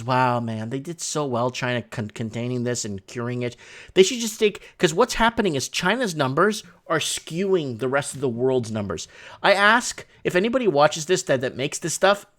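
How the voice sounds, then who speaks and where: A man hosts a casual online show, chatting loosely while reacting to foreign news clips and translating them on the fly. His voice is on the high side and a bit bright.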